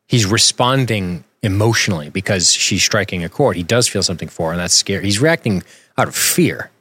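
A man in a casual film discussion, animated, swearing freely and acting out characters' lines. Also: low-pitched, brisk, breathy edge, dry recording. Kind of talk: casual film breakdown chat.

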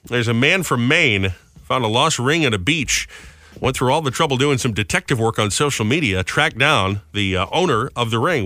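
A man's voice: medium pitch, bright, forceful tone. A man from New England hosting a casual radio show, wisecracking and slipping into silly voices. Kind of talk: casual morning radio chat. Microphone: studio microphone.

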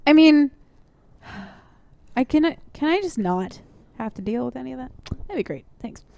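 A young woman co-hosting a podcast in a casual, chatty way. She tells stories with animated, acted-out voices. The sound is dry and close. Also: sits high, unhurried, gravelly, dry recording. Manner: animated storyteller, acts out voices in anecdotes. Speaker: podcast co-host. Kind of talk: casual chat.

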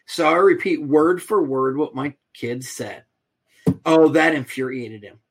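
A middle-aged man, a podcast guest, telling a story in a lively way and acting out the back-and-forth of a conversation. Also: fairly high pitch, a little slow, slightly rough. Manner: animated storyteller, acts out quoted exchanges.

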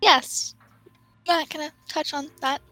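A woman playing a tabletop game, playful and quick to laugh. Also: high voice, steady tone, pushed and bright, soft background music, rough recording. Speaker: player.

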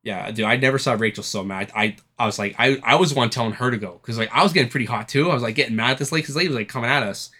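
A man on a casual podcast rattles off a long anecdote at a rapid clip. He swears freely and slips into the voices of the people he is quoting. His pitch sits right in the middle. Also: bright, forceful tone. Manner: rambling storyteller who swears freely and acts out quoted people. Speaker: podcast co-host.

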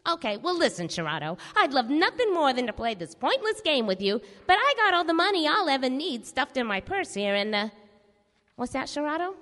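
A sneering, boastful female crook on a radio play stage, her high, bright voice swooping all over as she mocks. The sound rings out in a reverberant hall. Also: very animated, a little fast. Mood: taunting. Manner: mocking, theatrical taunting. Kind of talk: live radio play acting. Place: stage before a studio audience.

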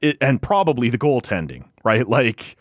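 A man's voice: medium pitch, sing-song, moderate pace, dry recording, studio quality. Heated, profane man ranting. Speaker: podcast co-host. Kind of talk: casual sports podcast chat.

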